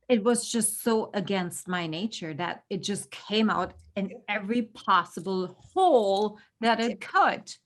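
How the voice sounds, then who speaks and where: A woman's voice: medium pitch, fairly bright tone. A middle-aged woman co-hosting a casual chat show, talking earnestly and pushing her voice up sharply when she stresses a point. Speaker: podcast co-host.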